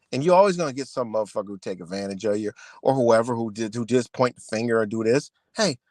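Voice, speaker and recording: A man's voice: mid-range voice, fairly bright tone, dry recording. Profane, heated man ranting live. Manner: profane, confrontational, repetitive. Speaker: livestream host. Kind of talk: heated livestream rant.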